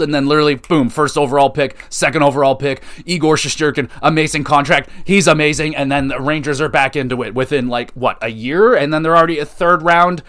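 A man's voice: fairly high pitch, fairly quick, few pauses, fairly bright tone. Profane, rambling young hockey-fan man. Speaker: podcast host. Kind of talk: casual solo podcast talk.

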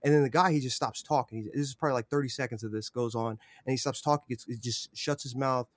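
A man's voice: mid-range voice, steady tone, fast, no room sound. A young man, a podcast guest, telling a rambling story in casual chat, full of swearing and fillers.

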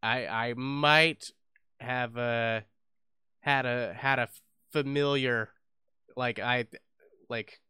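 Young man, casual podcast chat, unhurried, smooth clear voice, dry sound, rambling with fillers. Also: medium pitch, steady tone, sharp tone, no echo. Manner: rambling, with many fillers and restarts, swears freely. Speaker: podcast co-host.

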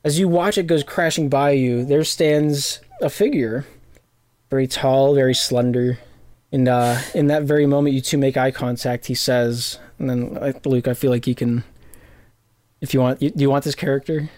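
A game master narrating a tabletop role-playing scene, halting and full of fillers. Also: mid-range voice, fairly even intonation, darkish tone.

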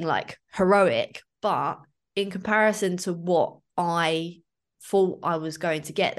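Woman, podcast host, low voice, rambling casual storyteller. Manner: chatty, storytelling with many fillers. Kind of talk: casual chat.

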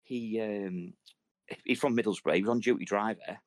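A man with a lowish voice hosts a podcast, recorded with no room sound. He tells army stories fast in casual, sweary banter, acting out the quoted lines of the people involved.

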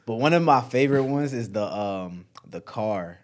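A man's voice: medium pitch, expressive, normal speed. A young man in casual chat with friends, telling a story in laid-back slang.

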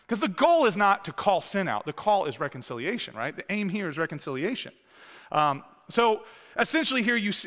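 His voice runs on the high side, bright and forceful, as this thirties-aged pastor preaches casually, restarting often and using plenty of fillers. The sound carries the long, echoey reverb of a church sanctuary.

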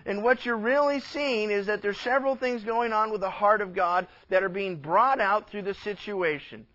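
A male pastor preaching a sermon, telling a parable with lively storytelling and briefly acting out the characters' lines. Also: high-pitched, normal speed, dull audio.

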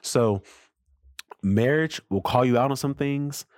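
A man's voice: medium pitch, takes it slowly, darkish tone, no echo, clean studio sound. A man co-hosting a casual faith podcast, speaking earnestly and openly about his feelings in his marriage. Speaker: podcast co-host.

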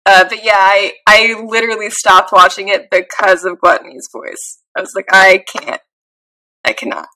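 A woman's voice: mid-range voice, moderate pace, hardly any pauses, poor audio. A woman co-hosting a podcast, chatting expressively and casually with a friend. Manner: expressive, laughs often. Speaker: podcast co-host. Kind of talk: casual recap chat.

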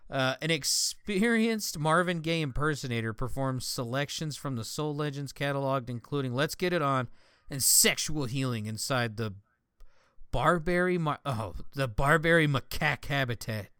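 Young guy podcast host, smooth voice, dry sound, cracking crude jokes over headlines. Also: mid-range voice, lively intonation, moderate pace, sharp tone, dry recording. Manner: crude joking, reads headlines aloud with asides. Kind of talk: casual podcast chat.

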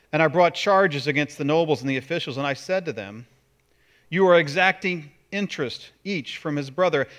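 A man's voice: on the high side, fairly bright tone. A man preaching a sermon as pastor, conversational and plain, turning emphatic when he acts out what people say.

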